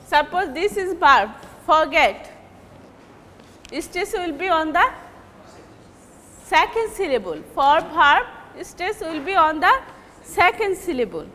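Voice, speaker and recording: A woman with a Bangladeshi English accent, giving a classroom lecture on word stress in slow, halting phrases and repeating example words. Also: very high voice, very animated, pushed and bright, in a large hall, a little hiss or hum. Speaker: English teacher.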